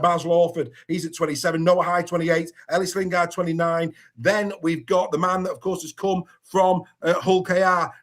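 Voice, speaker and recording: Man, podcast host, casual and enthusiastic, somewhat high voice. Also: a bit bright. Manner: chatty, enthusiastic, rattles through lists. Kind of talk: casual sports podcast chat.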